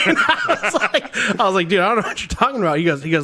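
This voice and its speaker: A man's voice: sits high, fast talker. A man with an Ohio accent, co-hosting a podcast, telling a story in casual chat and acting out the lines of people in it with lots of laughter. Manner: animated, acts out quotes, laughs often. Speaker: podcast co-host.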